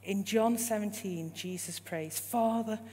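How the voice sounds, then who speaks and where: A woman's voice: mid-range voice, measured pace, a little mellow. A woman preaching a sermon in a church, repeating her points and asking the congregation rising questions. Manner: rising rhetorical questions, emphatic repetition. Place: church hall. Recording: long hall reverb with faint hum.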